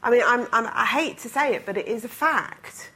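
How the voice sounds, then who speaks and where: A woman's voice: a little high, moderate pace, pushed and bright, slight background noise, rough recording. A woman stand-up comedian speaking as a panel guest, thoughtful, with hesitant starts. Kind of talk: studio panel discussion.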